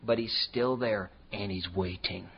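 A man preaching a sermon as pastor, emphatic and repetitive, swinging from loud declarations to hushed asides. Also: lowish voice, measured pace, vocal fry, lo-fi sound, a little hiss or hum.

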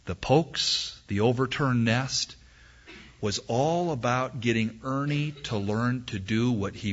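A husky-voiced male preacher tells a lively story from the pulpit, acting out the sounds and swinging his pitch up and down. His delivery is slow and deliberate between the bursts. The recording is dull and lo-fi. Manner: animated, acts out sounds and voices. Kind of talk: sermon storytelling.

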